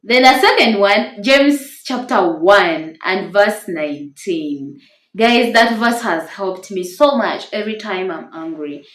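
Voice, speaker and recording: Soft-voiced woman, lively and earnest. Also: medium pitch, takes it slowly, roomy sound. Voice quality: tender, small voice. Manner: earnest, encouraging, stresses words. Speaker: Christian marriage-tips YouTuber. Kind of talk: devotional talk to camera.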